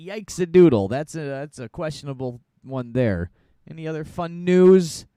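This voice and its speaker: A man's voice: on the high side, animated, unhurried, warm tone, clean tone, no echo, clean studio sound. A man co-hosting a podcast in casual chat, telling stories animatedly and laughing often. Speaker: podcast co-host.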